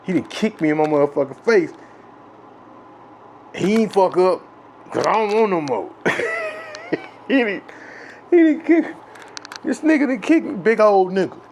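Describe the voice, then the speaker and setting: A man from Texas telling a childhood story in a rambling, profane, filler-heavy way that grows loud and excited with laughs. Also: high-pitched, normal speed, long pauses, a little hiss or hum. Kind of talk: casual storytelling.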